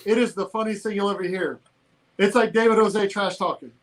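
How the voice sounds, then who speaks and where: A man co-hosting a casual political talk show, animated and laughing often, from Georgia in the United States. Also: high voice, a little fast, rough recording. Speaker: co-host.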